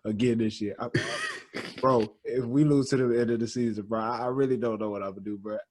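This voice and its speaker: A man co-hosting a casual podcast, talking in a laid-back way with lots of slang and animated asides. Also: medium pitch, quick pace. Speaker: podcast co-host. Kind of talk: casual chat.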